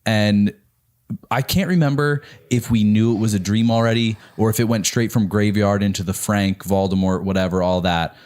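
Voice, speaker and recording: A man in casual podcast chat, thoughtful and hesitant, often pausing on "um". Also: on the low side, fairly even intonation, a little mellow. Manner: thoughtful, hesitant, many ums.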